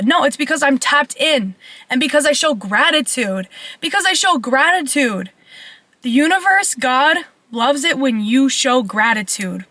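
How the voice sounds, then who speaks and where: A woman's voice: sits high, lively intonation, moderate pace, pushed and bright, no echo. A young woman life coach ranting bluntly and profanely in a casual vlog.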